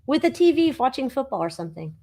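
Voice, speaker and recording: A woman's voice: high-pitched, very animated, quick pace, crowd noise. A woman from California co-hosting a tarot show, chatty and teasing in casual talk. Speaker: tarot reader co-host. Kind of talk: casual chat.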